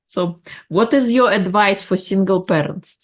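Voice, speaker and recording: A woman's voice: medium pitch, a little slow. A woman hosting a podcast, asking questions and affirming her guest with brief laughs. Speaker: podcast host. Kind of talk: interviewing.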